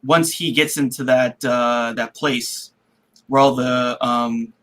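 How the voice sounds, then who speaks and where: A man co-hosting a film podcast, chatting casually and excitedly, acting out movie lines and breaking into laughter. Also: medium pitch, slow. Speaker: podcast co-host.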